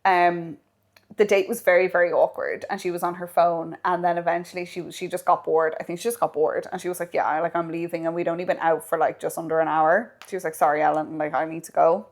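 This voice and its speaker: A woman co-hosting a casual podcast, telling a story in an animated way, acting out quoted lines and swearing casually. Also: fairly low pitch, quick pace. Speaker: podcast co-host.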